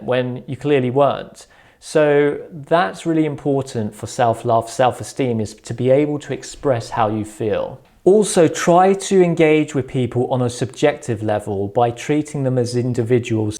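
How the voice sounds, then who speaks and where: A man's voice: medium pitch, darkish tone. A man hosting a self-help video, talking earnestly through advice and acting out the thoughts of the people he describes. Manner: earnest, explanatory, acts out quoted thoughts. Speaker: self-help channel host. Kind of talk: advice monologue.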